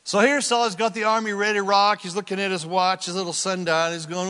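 A man preaching a sermon, telling the story with lively acted-out voices. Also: sits high, a little fast, hardly any pauses, long reverb tail. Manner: animated storytelling, acts out quoted characters. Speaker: pastor.

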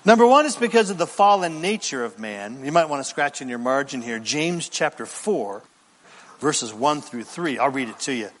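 A man's voice: medium pitch, lively intonation, moderate pace, fairly bright tone, big-room sound. A man preaching a sermon as pastor, reading scripture emphatically and putting questions to the congregation.

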